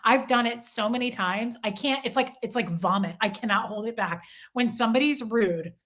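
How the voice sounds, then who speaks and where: A young adult woman chatting casually on a live stream, animated and self-deprecating, talking straight to viewers in the chat. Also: on the high side, moderate pace.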